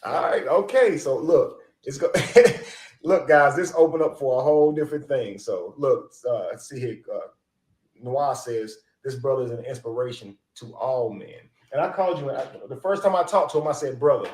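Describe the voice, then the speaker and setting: A man hosting an interview show, talking in an animated, encouraging way. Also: mid-range voice, normal speed, roomy sound. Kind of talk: casual interview chat.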